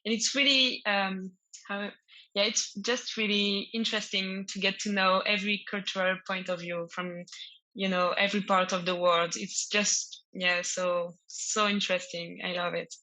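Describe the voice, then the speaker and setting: A woman from France speaks with a French accent, a guest on a casual podcast. English is not her first language, so she pauses to find her words, and she laughs easily. Her voice is bright and clear. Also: mid-range voice, fairly even intonation, poor audio.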